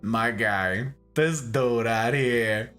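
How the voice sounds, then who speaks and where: A man's voice: mid-range voice, drawn-out words, soft background music. A man streaming a game and chatting playfully with his live chat. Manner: playful, animated, jokey banter with chat.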